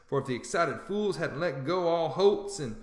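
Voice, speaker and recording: A man voicing a sharp-tongued, scornful male swindler who calls himself a duke, in a storybook reading. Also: on the high side, expressive, roomy sound, close to an everyday voice. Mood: scolding. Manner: scornful, brisk, sarcastic.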